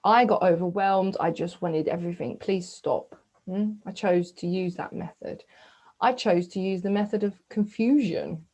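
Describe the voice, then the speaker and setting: Soft-spoken woman coaching reflection. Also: fairly low pitch, rough recording. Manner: soft, searching, asks listeners questions with a gentle 'hmm?'; breathy sighs, slow reflective pauses. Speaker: spiritual coach. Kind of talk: guided self-reflection talk.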